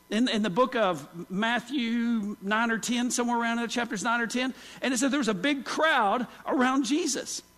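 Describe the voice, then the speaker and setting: A pastor preaching a sermon in a loose, conversational way, often calling out to the congregation. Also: male voice, sits high, fairly bright tone, long reverb tail. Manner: conversational, with many restarts and calls to the congregation. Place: church.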